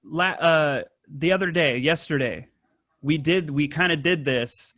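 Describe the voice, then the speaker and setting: A man hosting a casual podcast, rambling and swearing a lot, with animated retellings of stories. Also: a little high, unhurried, dry recording, studio quality. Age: adult with wife and kid. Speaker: podcast host. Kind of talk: casual profane chat.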